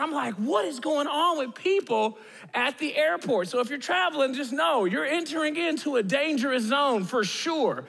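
A man in his thirties preaching a sermon to a church audience, animated and conversational, acting out the voices he quotes. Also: very high voice, creaky. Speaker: pastor. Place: large church auditorium. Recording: long reverb of a large hall.

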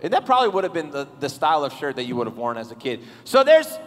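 A man with a high voice preaches in a loose, joking way, talking to his young crowd and teasing them. His voice rings out with a long reverb. He is leading a church service for youth. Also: quick pace, a little hiss or hum. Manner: joking, animated, talks to the crowd. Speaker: youth pastor. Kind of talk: casual comedic sermon. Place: large church hall.

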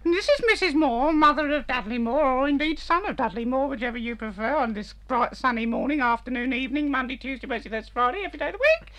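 A man voicing a prim, rambling elderly mother in a shrill falsetto for an improvised comedy sketch. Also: expressive, fast, hardly any pauses, sharp tone, full character voice.

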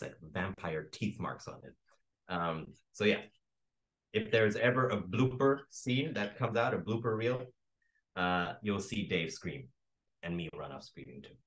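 Deep-voiced man hosting a baking class. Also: rough recording. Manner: animated storyteller, acts out quotes. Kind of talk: casual storytelling during a baking demo.

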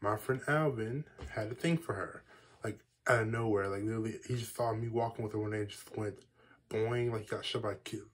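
A young man telling a story to his vlog audience in a rambling, animated way, full of asides and restarts. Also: fairly low pitch, quick pace, breathy edge. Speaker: vlogger. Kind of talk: casual storytelling.

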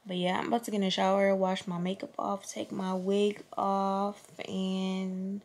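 Candid, profane woman vlogger talking slowly. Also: medium pitch, little pitch movement, a little mellow. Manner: candid and profane, drawling and loose. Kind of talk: casual vlog chat.

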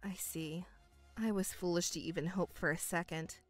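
A woman voicing a patient young woman, an elder daughter, speaking in a restrained, exasperated and quietly sarcastic way. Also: high-pitched, very animated, moderate pace, faint music behind. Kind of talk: voiced story narration.

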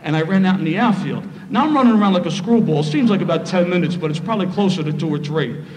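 A man's voice: high voice, quick pace. Philadelphia man telling a story in a hall. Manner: lively, humorous storytelling. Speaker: speaker sharing his story. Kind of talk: recovery meeting talk, storytelling. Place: meeting hall. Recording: roomy hall, faint noise.

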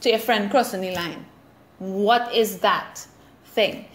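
A woman from Trinidad and Tobago hosts a casual solo podcast, speaking slowly at medium pitch. Her monologue about friendship is candid and reflective, and she laughs at herself.

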